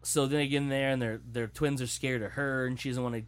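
A man's voice: medium pitch, fast. A young man in casual chat, retelling a movie plot with plenty of swearing and acted-out lines. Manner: animated, profane storytelling, acting out quotes.

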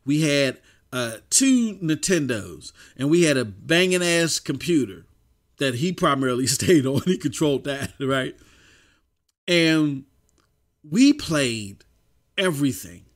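A man's voice: fairly high pitch, very animated, takes it slowly. A man hosting a livestream in casual, off-the-cuff chat, talking emphatically with frequent stumbling restarts. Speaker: livestream host.

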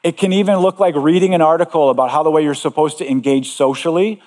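A man's voice: on the high side, quick pace, a little mellow, in a large hall. A man preaching a sermon as pastor, earnest and emphatic, repeating key phrases.

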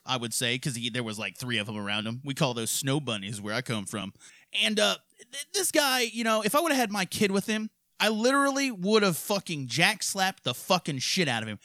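A man from hosting a podcast, telling crude stories in a rowdy, profane, animated way. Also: high voice, no echo, studio quality. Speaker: podcast host. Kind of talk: crude casual storytelling.

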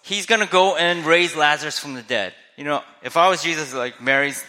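A man's voice: a little high, fairly quick, sharp tone. A man preaching a sermon as a pastor, earnest and conversational, often asking his listeners rhetorical questions. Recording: long hall reverb.

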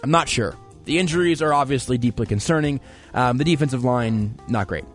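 A man's voice: mid-range voice, animated, fairly quick, faint music behind. A man hosting a sports talk show, chatting casually and reading out listener comments. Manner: rambling, conversational, reads listener comments aloud. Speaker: sports radio host.

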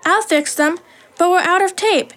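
A woman's voice: very high-pitched, moderate pace. A modest young schoolgirl. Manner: soft-spoken, polite. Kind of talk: children's audio drama.

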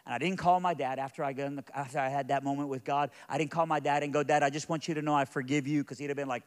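A middle-aged man preaching a sermon, telling a personal story that moves from quiet, hushed moments to loud, intense passages. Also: a little high, fairly even intonation, very fast, few pauses, smooth.

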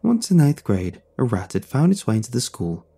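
A man narrating a first-person story in a measured, somber way. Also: medium pitch, huge pitch swings, creaky, dark tone, slightly rough.

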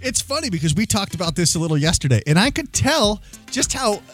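A man's voice: sits high, sing-song, fast talker, fairly bright tone, no room sound, soft background music. A man hosting morning radio in playful, joking banter. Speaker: radio host. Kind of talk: casual morning radio chat.

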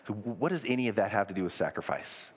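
A man's voice: lowish voice, lively intonation, fast talker, background noise. A man preaching a conversational sermon to a congregation, with self-deprecating asides. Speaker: pastor. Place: church sanctuary. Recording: long reverb of a large hall.

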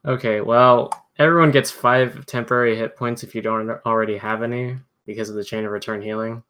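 A woman playing a tabletop game, casually asking quick, unsure questions about the rules. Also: rumbling low, fairly even intonation, a bit bright. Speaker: player.

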